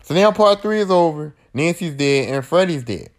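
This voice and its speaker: A man's voice: a little high, animated, normal speed. Slangy, profane man recapping movies. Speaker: podcast host.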